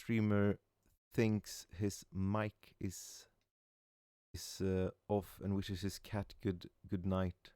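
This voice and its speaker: A man casually reading memes aloud, often stumbling over words and reacting with soft "aw" sounds. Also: deep voice, level tone, slow pace, clean tone, no room sound, studio quality.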